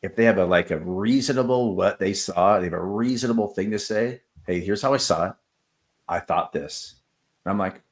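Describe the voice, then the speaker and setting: A man with a lowish voice, an assistant wrestling coach chatting in an interview. He tells stories with lots of "um" and "like" and acts out what people said. His delivery is loose and conversational. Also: fairly quick. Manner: storytelling, acts out quoted exchanges, many fillers. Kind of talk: casual interview talk.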